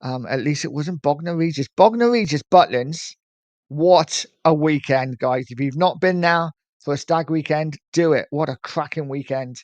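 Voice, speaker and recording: Middle-aged english guy w a slight lisp, chatty stream host, fairly high voice, dry sound. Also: moderate pace, no echo, muffled recording. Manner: chatty, friendly, urges viewers to like and subscribe. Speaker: host of a football live stream. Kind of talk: casual live-stream chat reading viewer comments.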